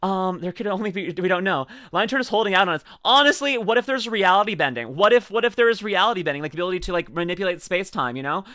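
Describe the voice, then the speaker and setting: A streamer giving a casual reaction commentary, rambling and excitable with lots of fillers and laughter. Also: medium pitch, fast, hardly any pauses, no room sound, studio quality. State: tearing up.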